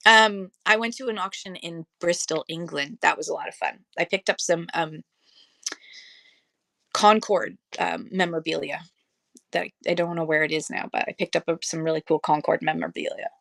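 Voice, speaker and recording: A woman's voice: on the low side, steady tone, normal speed, gravelly, fairly bright tone, no room sound. A woman hosting a casual live stream, chatting and reading viewer comments aloud with lots of fillers.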